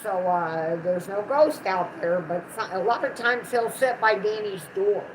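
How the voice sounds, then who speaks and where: A woman's voice: mid-range voice, unhurried, background noise. A middle-aged woman with a Southern American twang, chatting affectionately on a casual livestream. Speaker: co-host of a livestream, the channel owner's mother.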